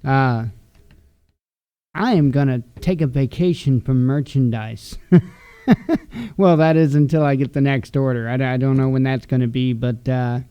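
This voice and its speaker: A man hosting his channel, signing off the stream in a relaxed, friendly, halting way. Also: mid-range voice, clear, resonant tone, dry recording. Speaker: channel host. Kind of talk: casual sign-off. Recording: dull dry sound.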